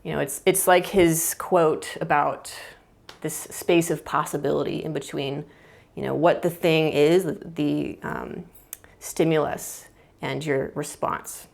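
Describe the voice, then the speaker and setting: A young woman with a low, gravelly voice teaches in an easy, casual way. She thinks aloud as she goes, with plenty of fillers and restarts, like a therapist explaining at a whiteboard. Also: steady tone, a little slow, a little mellow. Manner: casual, thoughtful, with many fillers. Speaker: mind-body therapist.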